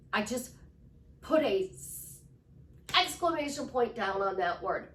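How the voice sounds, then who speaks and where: Slow-spoken woman life coach, roomy. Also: on the high side, lively intonation, a bit bright, distant mic. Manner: enthusiastic, demonstrates tone shifts by swinging her voice up and down. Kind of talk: motivational teaching. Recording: roomy echo, voice from off-mic.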